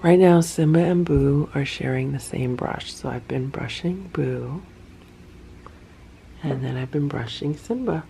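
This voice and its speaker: A woman's voice: low-pitched, a little slow, gravelly, warm tone, slight background noise. A woman narrating a casual home vlog, chatting about her cats and talking to them as she films. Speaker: cat rescuer vlogger.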